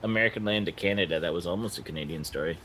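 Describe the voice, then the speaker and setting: A man's voice: low voice, very fast, a bit bright. A man in a casual group chat making wry, punning asides.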